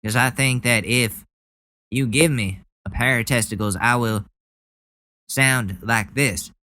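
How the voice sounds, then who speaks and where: A man's voice: mid-range voice, slow pace, pushed and bright, no echo, clean studio sound. A man doing a comic impression of a whiny, self-pitying middle-aged male politician. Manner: whining, mock-wounded.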